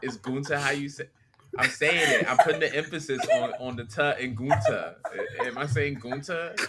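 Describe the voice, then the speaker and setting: A man's voice: mid-range voice, fairly even intonation, fairly quick, over a noisy crowd. A man co-hosting a casual chat, teasing his co-hosts and telling stories with animation. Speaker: podcast co-host. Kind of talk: casual chat about wrestling.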